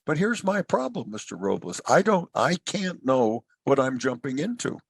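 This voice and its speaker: An older man voicing a calm, philosophical frog in a high, squeaky voice during a told story. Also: normal speed, vocal fry, husky, no room sound, heavily acted. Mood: calm, reasoning.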